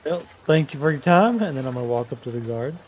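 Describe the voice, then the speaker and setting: A man playing a tabletop role-playing game, sly and deadpan. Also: fairly high pitch, fast, a little hiss or hum, low-quality recording. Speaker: player.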